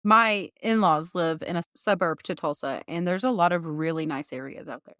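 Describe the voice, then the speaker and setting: A woman's voice: fairly low pitch, normal speed, fairly bright tone, dry recording. Woman co-host chiming in, dry sound. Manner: chimes in with indignant, sympathetic remarks. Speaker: podcast co-host. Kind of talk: casual podcast chat.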